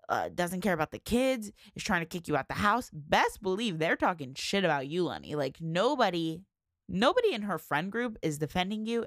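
A woman's voice: low voice, a bit bright, dry recording, studio quality. A young woman hosting a podcast, chatting casually in a frank, filler-heavy way with lots of swearing. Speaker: podcast host. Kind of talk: casual solo recap chat.

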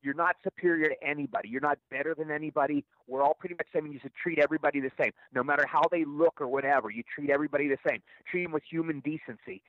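A middle-aged man, an actor guest, telling stories in an interview in a rapid, stammering way with repeated words. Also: on the high side, steady tone, no room sound. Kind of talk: storytelling interview answers. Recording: tinny phone line, dry.

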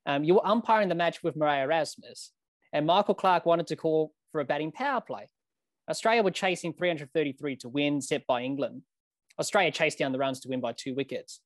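A man's voice: fairly high pitch, brisk, no echo, studio quality. Man hosting a podcast interview. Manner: reads long setups, addresses the guest by name. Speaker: podcast host.

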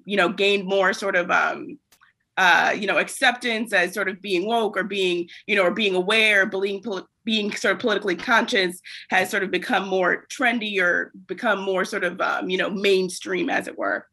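A woman's voice: medium pitch, bright, forceful tone. A woman interviewing a guest, asking long, thoughtful questions while searching for her words. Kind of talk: casual interview conversation.

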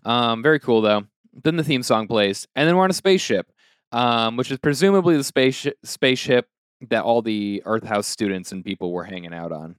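A young podcast co-host with a mid-range voice recaps an anime episode at a moderate pace, rambling with jokes and fillers. The sound is clean studio audio with no room noise.

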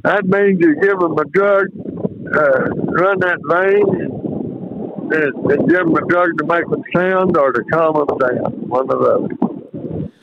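A man's voice: on the high side, slow pace. An older man with a drawl, telling rambling, folksy rodeo stories as an interview guest. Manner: drawling, rambling, with many "and, uh" restarts. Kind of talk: folksy storytelling. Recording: tinny phone line with faint noise.

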